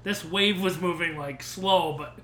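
A man in his thirties co-hosting a podcast, telling stories in animated, profane casual chat. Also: high voice, measured pace, a little hiss or hum. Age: 30s. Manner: animated storyteller, swears freely. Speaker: podcast co-host. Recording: roomy echo.

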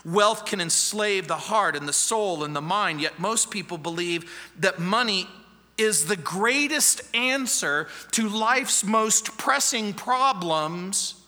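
A man's voice: high voice, animated, slow pace, sharp tone, in a large hall. A man preaching a sermon as pastor, emphatic and fond of repeating key phrases. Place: church.

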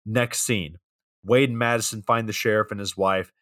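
A man co-hosting a podcast, recapping a movie plot in a deadpan, matter-of-fact way with casual swearing. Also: on the low side, moderate pace, no room sound, clean studio sound.

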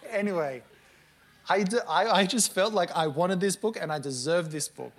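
A man in his late twenties preaching a sermon to a congregation, telling stories with lively, self-mocking asides. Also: high-pitched, moderate pace. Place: church service before a congregation.

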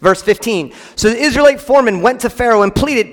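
Pastor, male, high voice, emphatic sermon delivery with chatty asides, long church reverb. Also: brisk, few pauses, fairly bright tone. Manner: emphatic, conversational asides to the congregation. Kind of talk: sermon with scripture reading. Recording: reverberant hall.

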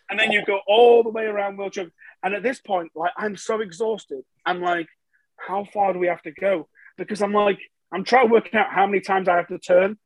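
A man's voice: high voice, moderate pace, no echo, poor audio. A man from England, telling a story as a podcast guest in a casual, self-mocking way. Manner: chatty and self-mocking, with frequent fillers and restarts.

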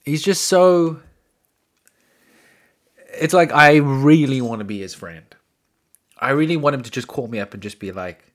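A man's voice: medium pitch, unhurried, pauses often. A man hosting his own podcast alone, rambling and joking with crude asides. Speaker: podcast host. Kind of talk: casual solo podcast chat.

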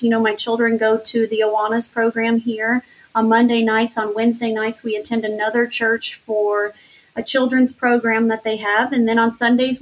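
Earnest woman sharing her testimony. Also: a little high. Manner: earnest, faith-filled, emotional at times. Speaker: interview guest. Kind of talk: personal testimony interview.

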